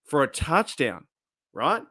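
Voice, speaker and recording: A man's voice: on the high side, huge pitch swings, takes it slowly, sharp tone, no room sound, studio quality. A middle-aged Australian man hosting a live podcast, telling a long rambling story full of slang, restarts and laughter. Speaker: podcast host.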